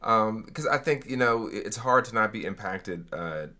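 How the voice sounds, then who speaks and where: A man with a notably deep voice talks as a guest in a podcast conversation. He speaks thoughtfully and measuredly, stopping often with fillers as he works through ideas. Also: lively intonation, normal speed, sharp tone. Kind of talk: conversational interview.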